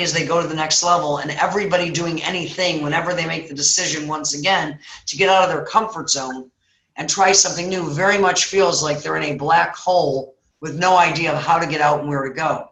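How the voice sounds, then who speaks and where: A woman, a guest speaker, telling a story in casual chat and acting out voices. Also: low voice. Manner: animated, acts out voices. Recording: echoey room.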